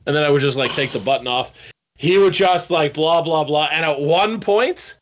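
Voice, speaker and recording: Animated, swearing male storyteller. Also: a little high, moderate pace, a little hiss or hum. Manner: animated, swearing storyteller who acts out quotes. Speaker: band guitarist and studio producer. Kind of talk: casual interview storytelling.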